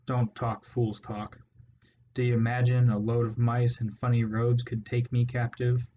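A man's voice: mid-range voice, flat delivery, unhurried, close to an everyday voice. A man reading as Clooney, a scornful warlord rat. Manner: scornful, gruff. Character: scheming one-eyed warlord rat, male, menacing. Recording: dull lo-fi audio, faint hiss.

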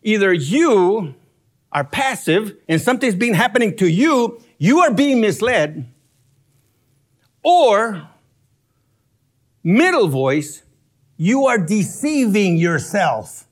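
Male preacher, high and animated, slow deliberate teaching with chuckles. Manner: animated and chuckling, explains grammar step by step. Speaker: Bible teacher. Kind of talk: expository sermon.

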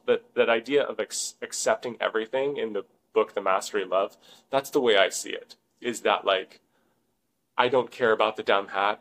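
A man's voice: medium pitch, fairly bright tone, rough recording. A young man co-hosting a podcast, talking casually and rambling, with many fillers and some swearing. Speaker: podcast co-host.

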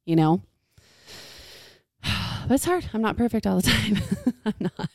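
A woman's voice: mid-range voice, lively intonation, normal speed, pauses often, a little mellow, dry recording, studio quality. A woman in her thirties, a podcast co-host, chatting candidly about parenting and laughing often. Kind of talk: casual chat.

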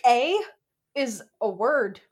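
A woman with a high, bouncy voice chats casually on a podcast. She recaps a story and breaks into giggles and dry little asides. Her pitch swings widely from line to line. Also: lively intonation, takes it slowly, husky. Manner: dry quips. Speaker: podcast co-host. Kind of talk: casual book recap chat.

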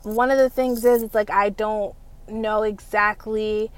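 A woman's voice: mid-range voice, steady tone, a little slow, clear, resonant tone, dry recording. A young woman hosting a podcast, rambling and enthusiastic as she runs through a casual news roundup. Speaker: podcast host.

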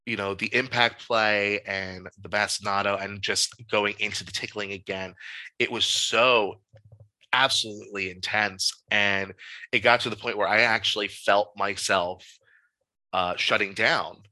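A young man, a podcast guest, telling a candid, animated story in casual conversation with frequent fillers. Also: fairly low pitch, a little slow, no room sound, rough recording.

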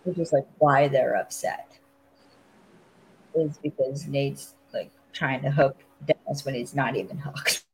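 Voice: medium pitch, fairly even intonation, a little slow, low-quality recording. Host, casual episode recap, rambling delivery with lots of "like", faint noise behind. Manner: rambling, filler-heavy storytelling. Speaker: podcast host.

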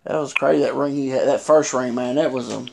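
A man's voice: mid-range voice, fairly even intonation, brisk, gravelly, a little mellow. A man chatting casually on a podcast, telling a long rambling story with many restarts. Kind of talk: casual chat. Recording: noisy podcast recording.

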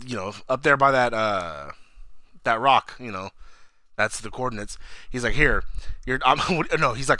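A man's voice: mid-range voice, no echo. A man casually recapping a TV episode, acting out characters' lines, swearing and laughing as he tells it. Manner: animated storyteller, acts out lines, swears, laughs. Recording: noisy recording.

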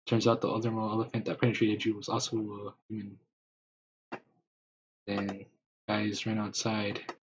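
A man improvising a rambling story in the second person, with many fillers, on a dull lo-fi recording with faint hiss. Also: lowish voice.

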